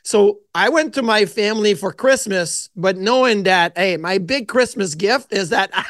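A man, a podcast guest telling lively anecdotes with frequent restarts. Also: high voice, normal speed, dry recording, clean studio sound. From Quebec, Canada. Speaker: guest, former goaltender. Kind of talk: casual storytelling interview.

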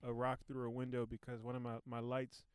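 A man hosts a casual comedy podcast from home. He rambles and jokes in a smooth, resonant voice. The sound is close and dry on a new podcast microphone. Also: mid-range voice, a little fast, dry recording. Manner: rambling, joking, animated. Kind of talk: casual chat.

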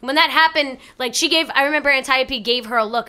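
A woman co-hosting a casual podcast chat who talks in a lively, playful way. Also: high voice, fast, smooth.

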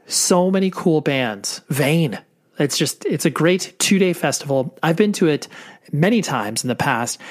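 A man hosting a podcast, giving a chatty, upbeat introduction and repeating words for emphasis. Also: a little high. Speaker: podcast host.

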